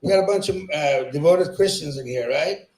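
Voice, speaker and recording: Man, stand-up comedian, crude and profane, teases the crowd, slightly high voice, roomy echo. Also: fairly quick, darkish tone. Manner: crude, profane, teasing the audience; laughs at his own jokes. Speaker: stand-up comedian at an open mic. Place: small comedy club. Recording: echoey club room.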